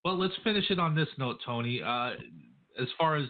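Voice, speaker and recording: A man's voice: on the high side, expressive, brisk. A man hosting a radio interview, laid-back, mostly answering with short agreements. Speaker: radio show host. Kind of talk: casual phone interview. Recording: tinny phone line with faint noise.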